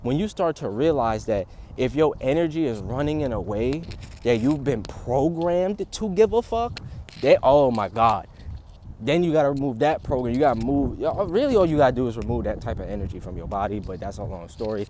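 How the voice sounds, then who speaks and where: A man's voice: medium pitch, fairly quick, a little hiss or hum. Young man ranting on a city street. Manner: animated, profane, laughs often, slangy. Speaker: livestreamer. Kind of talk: casual rambling monologue. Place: outdoors in a city.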